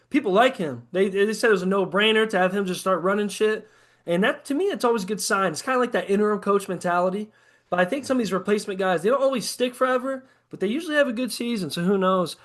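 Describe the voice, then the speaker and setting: Animated, high-voiced man ranting about sports. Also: fast talker. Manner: profane, animated ranting with mocking quoted asides. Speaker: podcast co-host. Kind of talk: casual sports chat.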